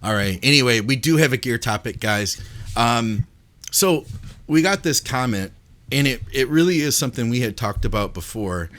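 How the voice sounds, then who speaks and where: A man's voice: mid-range voice, expressive, moderate pace, a bit bright. A man co-hosting a podcast in casual chat, joking and steering the topics. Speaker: podcast co-host.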